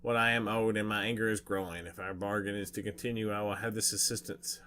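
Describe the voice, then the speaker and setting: A man voicing an ancient, furious male dragon who is demanding and impatient, speaking in a stern, rumbling, commanding way. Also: steady tone, quick pace, sharp tone, a little hiss or hum. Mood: stern, angry.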